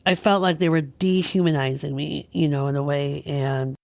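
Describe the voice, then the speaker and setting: A podcast host with a low, creaky, darkish voice speaks at normal speed in a steady tone, with no room sound audible. Her personal monologue explores an experience she went through, candid and emotional as she searches for answers.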